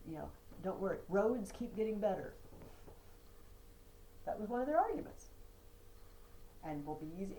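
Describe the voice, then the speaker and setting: A woman's voice: low-pitched, creaky, mellow, a little hiss or hum, rough recording. A woman teacher giving a chatty classroom lesson, chanting poetry rhythms aloud. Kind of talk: classroom lecture.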